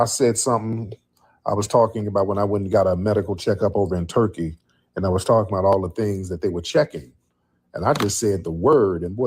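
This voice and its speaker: A man's voice: on the low side, a little mellow, slightly rough. A man hosting a live stream, talking bluntly and casually to his viewers in the chat.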